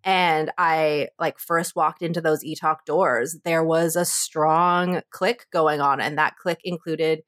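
Woman, podcast co-host, slightly low voice, animated slangy chat, swears. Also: unhurried, few pauses, dry recording, studio quality. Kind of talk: casual chat.

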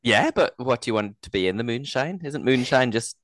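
A man's voice: medium pitch, expressive, brisk, a bit bright, no room sound. Dry-humoured man chatting. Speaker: podcast co-host. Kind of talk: casual chat.

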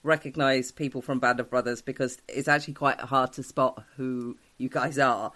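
A man's voice: medium pitch, steady tone, normal speed, pushed and bright. A man interviewing a guest with curious, joking questions. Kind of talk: casual interview chat.

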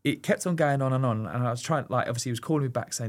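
A man in his thirties rambles through an anecdote as a podcast guest, stopping and restarting with lots of fillers. He tells it in a relaxed, chatty way, in an even middle register. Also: mid-range voice, racing, hardly any pauses. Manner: rambling, animated storyteller with many fillers and restarts. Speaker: former goalkeeper, podcast guest. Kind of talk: casual storytelling chat.

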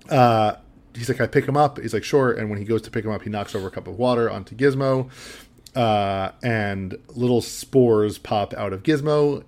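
A man's voice: on the low side, a little mellow. A man co-hosting a podcast, recapping a film in casual chat, rambling with lots of fillers and easy laughs. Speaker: podcast co-host.

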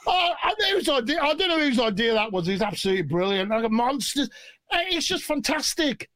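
A man telling stories in a casual interview, animated and jokey, swearing freely. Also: very high voice, fast, no room sound. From England. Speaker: guest musician.

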